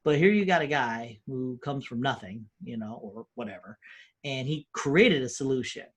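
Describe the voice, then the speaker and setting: A man's voice: mid-range voice, normal speed. A man co-hosting a podcast, talking in a profane, ranting way and mocking people in quoted voices. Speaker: podcast co-host. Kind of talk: casual chat.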